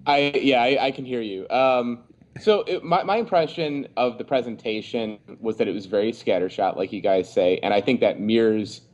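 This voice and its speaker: Male podcast guest, mid-pitched, measured and slightly halting. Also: a little mellow, muffled recording. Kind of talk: casual tech podcast chat.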